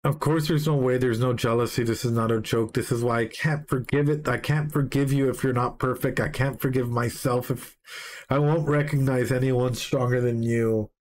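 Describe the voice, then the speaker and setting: Excitable male streamer reading lyrics. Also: medium pitch, moderate pace, a little hiss or hum. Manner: excitable, swears, greets chat members mid-sentence. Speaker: streamer reacting live. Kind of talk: live reaction stream, reading lyrics aloud and chatting with viewers.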